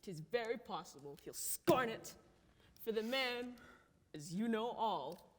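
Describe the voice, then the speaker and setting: A performer playing a noble prince who declaims his lines in a stage play, sometimes rising to a shout. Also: medium pitch, expressive, measured pace. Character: noble prince scheming with friends. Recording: reverberant hall, faint noise.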